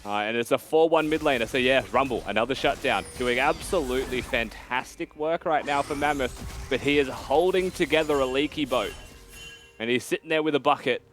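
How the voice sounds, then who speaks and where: A man casting an esports match in a mid-range voice. He walks through builds and fights in a loose, analytical, conversational way. Soft music runs behind him. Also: mid-range voice, a little fast. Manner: analytical, conversational breakdown of plays. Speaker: esports caster. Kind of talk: esports commentary.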